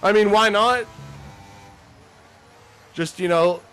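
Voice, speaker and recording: A man's voice: high voice, slow, a bit bright, clean tone, faint music behind. A man giving casual, joking live commentary on a sim race, swearing freely as he calls the action.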